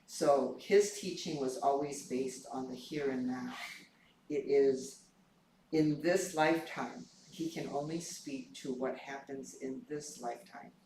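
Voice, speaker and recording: A man with a hoarse, froggy voice gives an informal reflection at a temple service, halting and pausing often. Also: mid-range voice, fairly even intonation, a little mellow, slight background noise. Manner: halting, many pauses and fillers. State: hoarse, clearing his throat. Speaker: temple board member sharing a reflection. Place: temple hall. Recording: echoey hall, mic far off.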